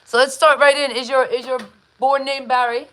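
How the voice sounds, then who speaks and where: A woman hosting a live online interview, talking in a chatty, enthusiastic way. She keeps the conversation going and often breaks off to give shout-outs. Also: high voice, little pitch movement, normal speed, rough recording. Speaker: interview host.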